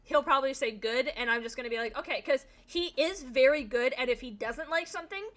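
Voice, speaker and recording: Bright-voiced chatty young woman streamer. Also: high-pitched, fast talker. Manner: rambling storyteller, lots of fillers and swearing. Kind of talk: casual chat while streaming a game.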